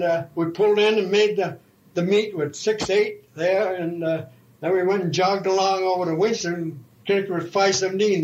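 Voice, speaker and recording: A man's voice: high voice, highs cut off. Older man spinning a folksy yarn. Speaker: retired railroad fireman. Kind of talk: oral history storytelling.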